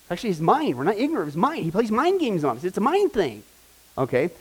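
Higher-voiced man teaching a Bible class. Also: huge pitch swings, fast, slightly rough, low-quality recording. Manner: conversational, checks in with "right?" and "okay?".

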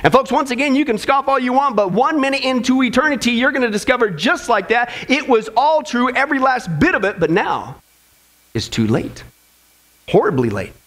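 A man's voice: very high voice, expressive, brisk, few pauses, fairly bright tone. A male pastor preaching a sermon in a casual, jokey way, often turning to the audience with "folks" and "okay?". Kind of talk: sermon with jokes.

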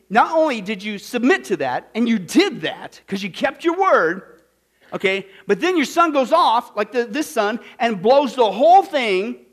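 A man from Kansas preaching a sermon, animated, swinging between loud bursts and hushed asides and acting out the people he quotes. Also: very high voice. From Kansas, USA. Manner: acts out quoted voices.

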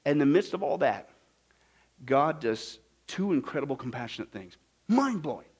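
A man from Kansas preaching a sermon as a pastor, animated and jokey, swinging from loud bursts to hushed asides. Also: medium pitch, moderate pace, husky. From Kansas, United States. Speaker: pastor teaching a Bible study.

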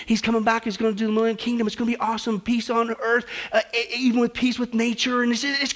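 A man preaching a sermon, moving between hushed, slow stretches and loud, emphatic passages. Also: very high voice, steady tone.

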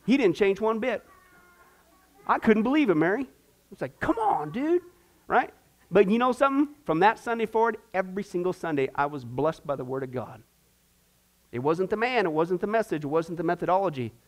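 A middle-aged pastor leads a church class in a high, lively voice that swings all over. He keeps asking the room questions and answering them himself. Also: fairly quick. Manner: animated, asks the class many questions. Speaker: pastor teaching a discipleship class. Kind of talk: informal church class teaching.

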